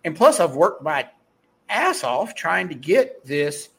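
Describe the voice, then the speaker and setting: Podcast host, man, middle-aged, faint Southern US accent, blunt and profane pep-talk delivery, bouncing, lively pitch. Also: slow, creaky, a little hiss or hum. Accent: Southern US, softened. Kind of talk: casual motivational monologue.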